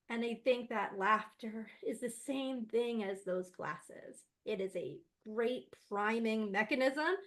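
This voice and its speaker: A woman's voice: on the high side, slow pace, hardly any pauses, a bit bright. A woman guest on an interview podcast, a laughter yoga teacher chatting casually and animatedly, laughing often.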